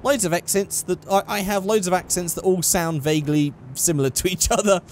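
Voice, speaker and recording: Speaking briskly in a high-pitched voice, a young man hosting a gaming channel grumbles sarcastically through a driving game in let's play style. A little hiss or hum sits under the recording.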